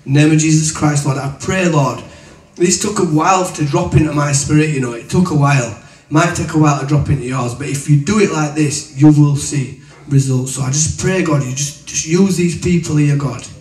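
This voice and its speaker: A man's voice: on the high side, fairly quick, a little mellow, recorded from a distance. Man preaching in an echoey room. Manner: chatty, colloquial storytelling. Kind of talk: testimony and teaching. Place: room with an audience. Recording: echoey room, voice from away from the mic.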